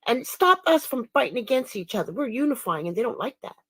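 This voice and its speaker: A woman's voice: fairly high pitch, sing-song, fast talker, slightly rough, dry recording. A woman giving casual, indignant livestream commentary as an activist, emphatic and laughing scornfully at her critics.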